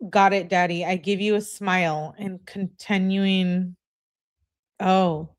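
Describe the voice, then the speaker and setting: A woman reading aloud the messages of a young woman's role-play persona in a plain, flat voice. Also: on the low side, slow. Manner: read aloud flatly.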